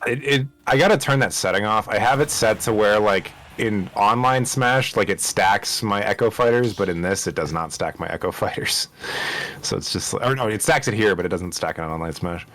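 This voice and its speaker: A man's voice: lowish voice, moderate pace, fairly bright tone. Chatty man gaming with a friend. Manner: chatty, hesitant, with restarts. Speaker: streamer's friend. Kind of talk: casual gaming stream banter.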